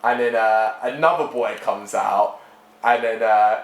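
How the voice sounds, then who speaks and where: A man's voice: on the low side, a little slow. Guy, young, chatty anecdotes, voices the people in his stories, roomy sound. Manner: animated, acts out voices in anecdotes. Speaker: podcast guest. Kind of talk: casual storytelling chat. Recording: echoey room.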